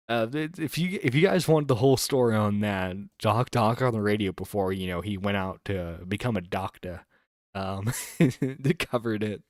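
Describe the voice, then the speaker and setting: A man's voice: fairly low pitch, no room sound, clean studio sound. A man hosting a livestream, reacting to a clip with sarcastic, rambling commentary full of fillers and laughter. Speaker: livestream host.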